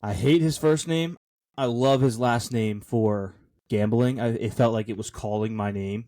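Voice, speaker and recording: A man's voice: mid-range voice, measured pace, warm tone, no room sound. A man co-hosting a casual sports podcast, joking and playful as he runs through his bets. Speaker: podcast co-host.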